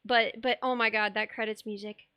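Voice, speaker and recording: A woman's voice: on the high side, steady tone, normal speed, pushed and bright, clean tone, dry recording. A young woman streaming live, chatting casually while she sculpts, bubbly and rambling, laughing often and reading chat aloud.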